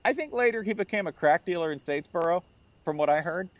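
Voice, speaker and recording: A man co-hosting a casual podcast, telling stories with lively mimicry of other people. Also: sits high, quick pace, no echo. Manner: animated storytelling, mimics people for laughs. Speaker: podcast co-host. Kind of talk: casual chat.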